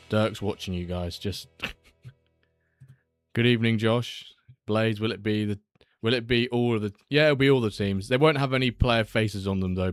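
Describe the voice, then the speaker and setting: A man hosting a casual live stream, rambling and reading out viewer messages. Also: lowish voice. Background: faint background music.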